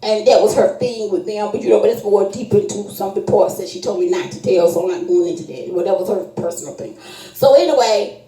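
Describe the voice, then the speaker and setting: A woman's voice: fast, roomy sound, low-quality recording. A woman telling a story in a casual monologue, acting out every quoted voice as she goes. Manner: animated, acts out quoted voices with big pitch jumps.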